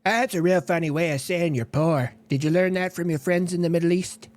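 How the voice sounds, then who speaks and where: A man's voice: on the high side, a little fast, darkish tone, no echo, close to an everyday voice. A man doing a brash, crude mocking politician. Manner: taunting, crude jokes, laughs at own zingers. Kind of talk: satirical sketch dialogue.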